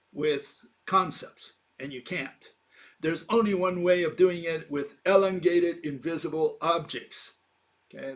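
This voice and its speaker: A man's voice: fairly high pitch, a bit bright. Emphatic man lecturing with fillers. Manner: argumentative, emphatic, with frequent fillers and rhetorical questions. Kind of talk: informal explanatory monologue.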